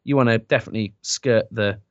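A man's voice: lowish voice, fast, no room sound. A man co-hosting a comedic call-in advice show, joking around. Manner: jokey, puts on silly voices and mock-romantic lines. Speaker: co-host. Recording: dull lo-fi sound.

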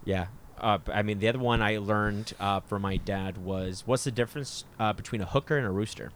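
A man's voice: on the low side, steady tone, fairly quick, a little hiss or hum. A man in his thirties telling crude jokes and stories in a casual chat, with lots of restarts. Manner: crude joking storyteller, many restarts.

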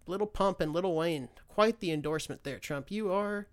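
A man hosting a podcast, ranting in a loose, profane, sarcastic way. He wanders off, loses his thread and restarts sentences. His voice is smooth and resonant and sits a bit high for a man. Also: moderate pace. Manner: loses his train of thought, restarts often. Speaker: podcast host. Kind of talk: casual solo political rant.

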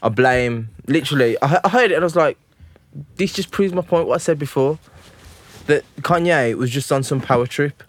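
A man with a Wolverhampton accent on a podcast, giving opinions in an animated way and steering the talk back on track. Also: fairly high pitch, normal speed. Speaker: podcast host. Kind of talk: casual chat.

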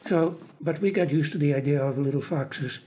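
Older man telling backstage stories, warm tone. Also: a little high, moderate pace, slight background noise. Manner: animated, acts out other people's lines. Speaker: theater producer recounting his career. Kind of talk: anecdotal storytelling in an interview.

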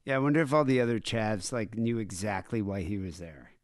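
A man's voice: fairly low pitch, brisk, slight background noise. A man co-hosting a casual podcast chat, throwing in wry, jokey asides. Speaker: co-host.

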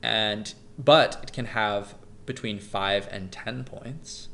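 A man's voice: fairly low pitch, slow pace, creaky, a bit bright. A man hosting a casual podcast, upbeat and jokey, explaining facts loosely with fillers. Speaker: podcast host.

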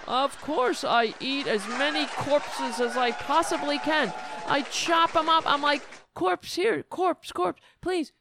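Lady doing a gloaty loud politician guy, high and shouty, gravelly edge. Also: takes it slowly, noisy background. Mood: gloating. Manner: shouting, mocking parody. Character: smug gloating male politician, meat-boasting.

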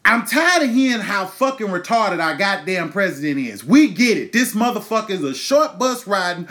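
Here a thirty-something man hosts his own podcast, his high-sitting voice very animated, fairly bright, at a moderate pace with few pauses. It's an impassioned rant full of angry profanity and pointed rhetorical questions.

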